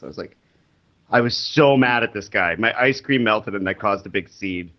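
A man who is a teacher, telling a story in casual chat, animated and acting out the people he quotes. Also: on the low side, moderate pace, lo-fi sound.

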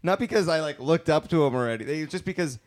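A man's voice: on the high side, lively intonation, fast talker. Laughing young man rambling on a podcast. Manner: rambling, filler-heavy, laughs often mid-sentence. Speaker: podcast host. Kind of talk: casual chat.

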